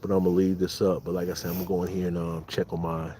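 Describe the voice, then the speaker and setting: Deep-voiced laid-back man from California. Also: flat delivery, rapid-fire, mellow, a little hiss or hum, rough recording. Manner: laid-back, keeps calling viewers y'all and thanking chatters. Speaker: dog breeder hosting a livestream. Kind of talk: casual livestream chat. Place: outdoors in the cold beside big dogs. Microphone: phone set up on the spot.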